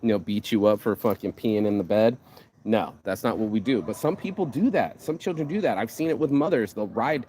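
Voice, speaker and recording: A man hosting his own vlog, giving a casual motivational rant in an animated, profane, rambling way, speaking outdoors on a city street. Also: on the low side, fairly quick. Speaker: vlog host. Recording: outdoor street with passing traffic.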